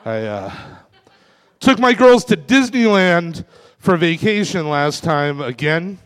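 A man in his forties doing a stand-up comedy set on a club stage, delivering self-mocking punchlines in a deadpan way. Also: fairly high pitch, slow, clear, resonant tone. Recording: reverberant club room.

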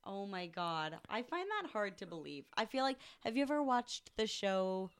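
A woman's voice: medium pitch, moderate pace, smooth. A woman co-hosting a casual podcast in a studio, reading out a news story with swearing and jokes. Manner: animated, swears freely, reads news aloud with jokes. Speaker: news segment co-host.

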